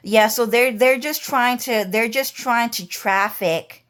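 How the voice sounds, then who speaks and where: A woman's voice: fairly high pitch, slow, a bit bright, clean tone. Woman rambling in a casual monologue. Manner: repetitive, rambling, casual with swearing. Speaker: vlogger.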